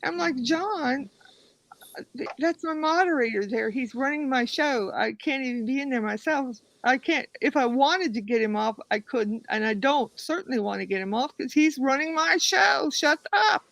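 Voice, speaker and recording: A woman's voice: high voice, animated, normal speed, gravelly, a bit bright, no echo, poor audio. A woman hosting a casual livestream chat, telling a story with lots of cursing and acting out what others said. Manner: profane storytelling, acts out quotes. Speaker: host.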